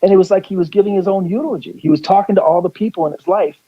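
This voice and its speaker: A man's voice: sits high, racing, muffled recording. A man guesting as a psychic on a radio show, telling a rambling story and acting out the lines of the people in it. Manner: rambling, restarts sentences, acts out quotes.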